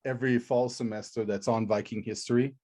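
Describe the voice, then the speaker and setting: A man's voice: mid-range voice, steady tone, brisk, mellow. A middle-aged man, a professor co-hosting a podcast, talking casually with many ums and small chuckles. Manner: hesitant, many ums, chuckles between thoughts.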